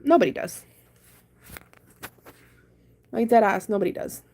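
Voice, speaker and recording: A young woman hosting a casual live chat from home, talking animatedly and acting out loud comebacks as she tells stories. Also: on the high side, a little slow. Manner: chatty, animated storytelling with loud reenacted comebacks. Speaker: livestream host. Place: home, doing chores.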